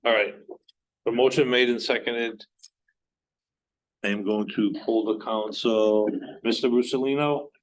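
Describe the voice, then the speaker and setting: A man chairing a council meeting, running votes and swearing in witnesses in a brisk, procedural manner. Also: mid-range voice, steady tone, low-quality recording. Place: government conference room.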